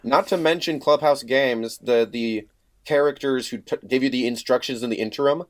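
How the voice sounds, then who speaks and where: Podcast guest guy, mid voice, deadpan one-liners. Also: mid-range voice, normal speed. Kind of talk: casual comedic podcast chat.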